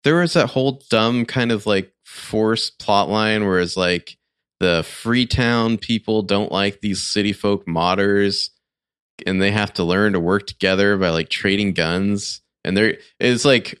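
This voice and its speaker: A man's voice: on the low side, normal speed, a bit bright, clean tone, dry recording, clean studio sound. A man co-hosting a podcast, casually picking apart a TV show in a sarcastic, rambling way with lots of filler words. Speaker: podcast co-host. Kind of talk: casual chat reviewing a TV show.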